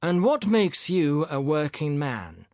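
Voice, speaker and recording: A man's voice: fairly high pitch, big pitch swings, takes it slowly, darkish tone, no echo, clean studio sound, pitched above the performer's own voice, heavily acted. A male narrator voicing an exasperated, sarcastic older professor who talks irritably.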